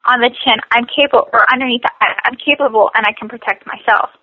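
A woman coaching a tapping session, speaking slow, repetitive scripted phrases. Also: on the high side, fairly even intonation, no room sound, dull audio.

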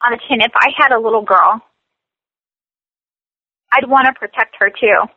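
A woman with a fairly high voice leads a guided tapping session, repeating short phrases slowly. The sound is dull and lo-fi, as over a call, and dry with no room echo. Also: slightly rough. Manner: slow, repetitive scripted phrases. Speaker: tapping coach.

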